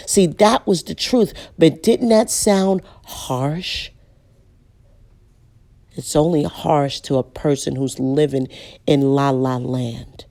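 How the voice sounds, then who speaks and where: A woman preaching in a blunt, direct way, repeating key lines and slowing down to drive her points home. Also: deep voice, warm tone. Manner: direct, emphatic, repeats lines and slows down for stress. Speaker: online preacher.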